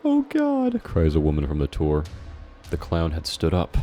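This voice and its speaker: Reading in a flat, dark, extremely low voice at a moderate pace, a man works through a horror tale from his childhood. Sarcastic, amused commentary mocks the story throughout this dramatic reading, set against faint background music.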